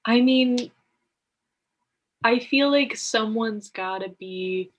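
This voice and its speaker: A woman's voice: fairly high pitch, slow, lo-fi sound. A woman co-hosting a podcast, chatting casually about a TV episode in a rambling way, full of filler words. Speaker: podcast co-host. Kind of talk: casual TV recap chat.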